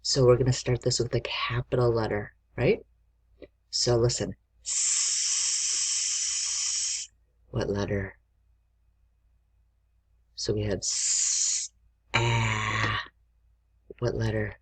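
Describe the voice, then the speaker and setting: Slow, husky-voiced man teaching spelling. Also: fairly low pitch, level tone, a bit bright. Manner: slow, patient dictation, sounding out letters for young pupils. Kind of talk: children's spelling lesson.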